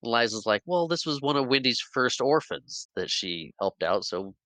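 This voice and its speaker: A man's voice: medium pitch, moderate pace, dry recording, low-quality recording. A man co-hosting a podcast, casually retelling a film's scenes and acting out the characters' lines. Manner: animated retelling, acts out character lines with laughs. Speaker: podcast co-host. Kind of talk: casual movie recap chat.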